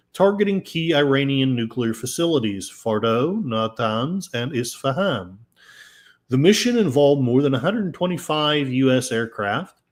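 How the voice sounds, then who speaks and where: Brief: male podcast host, unhurried, sarcastic asides between news read-outs, mid-range pitch. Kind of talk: casual commentary while reading news aloud.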